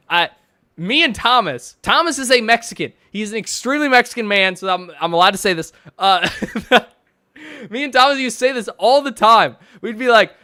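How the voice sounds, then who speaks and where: A man's voice: high-pitched, bright, forceful tone, no room sound, clean studio sound. A young man casually chatting on a stream and reading donations, rambling and swearing with frequent laughs and fillers. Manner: rambling, profane, laughs often, many fillers.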